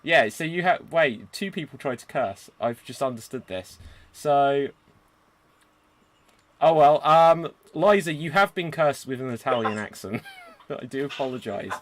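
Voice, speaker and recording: British man, game master, upbeat, theatrical announcer, mid pitch. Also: animated, a little slow. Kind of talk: hosting a live improv game.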